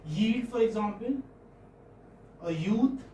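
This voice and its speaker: A man's voice: high voice, expressive, slow, dark tone, a little hiss or hum. Patient male phonetics teacher, echoey classroom. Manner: patient, checks in often with "okay?" and "hmm?". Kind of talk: classroom lecture. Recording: echoey classroom, mic far off.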